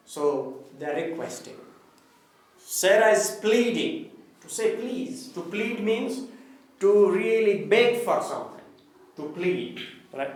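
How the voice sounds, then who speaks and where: A man, teaching an English class, explaining a story slowly and asking his students questions. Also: high voice, animated. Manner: mixes in Nepali now and then. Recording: very echoey classroom, distant mic.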